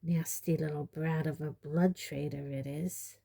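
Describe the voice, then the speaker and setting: A woman voicing a very old, bitter male house elf who mutters hoarsely and spitefully under his breath in a storybook reading. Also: low voice, steady tone, a little slow, mellow, full character voice. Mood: muttering bitterly. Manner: spiteful grumbling asides, mock-humble. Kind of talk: audiobook reading.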